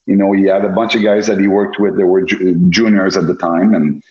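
A man with a very low voice recounts his hockey days in a relaxed, meandering way, often restarting his sentences. The recording is echoey and slightly dull. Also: a little fast. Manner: casual, rambling with many restarts. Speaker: former pro hockey goalie. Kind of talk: interview recollection. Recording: echoey room, dull lo-fi sound.

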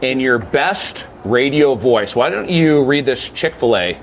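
A man's voice: medium pitch, lively intonation, slight background noise. Upbeat male podcast host. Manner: breezy, upbeat, guides the talk with quick questions. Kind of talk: casual hosted chat.

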